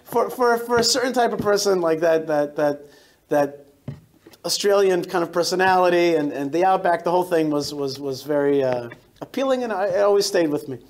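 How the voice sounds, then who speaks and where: A man in his forties, a rabbi giving a lively storytelling talk to a synagogue congregation, often restarting and repeating words. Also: high-pitched, a little fast, a little hiss or hum. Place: synagogue hall.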